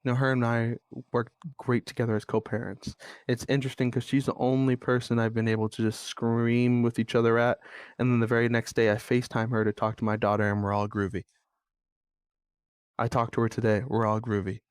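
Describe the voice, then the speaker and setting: Young man, podcast host, blunt and exasperated, swears a lot, mid-pitched voice, dry close sound. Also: level tone, fairly quick, clean tone, dry recording. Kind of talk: candid monologue.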